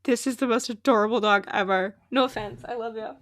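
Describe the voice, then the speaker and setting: A woman's voice: on the high side, a little fast, fairly bright tone. Giggly young woman streaming a game. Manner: chatty and giggly, laughs often at herself. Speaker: live streamer. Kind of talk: casual chat while playing a game.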